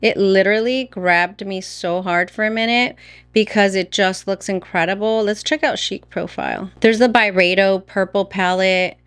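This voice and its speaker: A woman's voice: mid-range voice, fairly even intonation, moderate pace, clean tone. A woman beauty vlogger chatting casually and enthusiastically to her viewers, with frequent fillers. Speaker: beauty YouTuber. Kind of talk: casual chat to camera.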